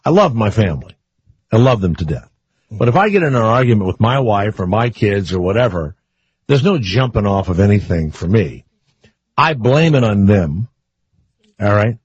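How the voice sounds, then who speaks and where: A man's voice: on the low side, expressive, brisk, a little mellow, husky, no room sound. An older man hosting a talk radio show, rambling and wisecracking in loose asides with callers and co-hosts. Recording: muffled lo-fi radio broadcast.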